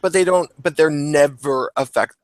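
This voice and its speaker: A young man from the Seattle area chatting as a guest on a casual stream, talking in halting bursts full of restarts. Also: on the high side, no echo. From Seattle area, USA. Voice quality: gravelly. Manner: halting, lots of restarts and fillers. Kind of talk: casual chat.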